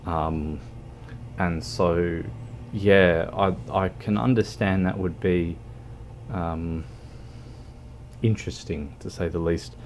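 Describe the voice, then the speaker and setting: An Australian man chatting casually with viewers while streaming a game, halting and full of ums and restarts. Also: low voice, steady tone, darkish tone, slight background noise. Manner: hesitant, many ums and restarts. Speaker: livestreamer. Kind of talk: casual chat while gaming.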